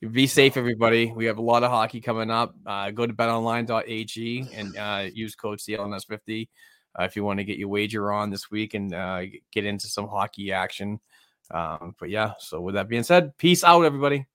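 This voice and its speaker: A man's voice: on the low side, steady tone, brisk, fairly bright tone, no echo, studio quality. A man hosting a sports podcast in casual chat, laid-back and rambling through thanks and sign-offs. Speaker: podcast host.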